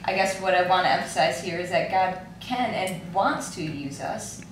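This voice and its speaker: A woman's voice: fairly low pitch, moderate pace. A woman co-hosting a book club chat, reading a passage aloud, then reflecting earnestly. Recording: echoey room, far from mic, background noise.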